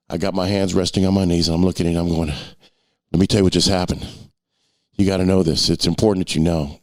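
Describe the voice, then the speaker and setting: A man's voice: low-pitched, darkish tone, no echo, studio quality. A middle-aged man and novelist talking casually to camera in a rambling, long-winded way with frequent restarts.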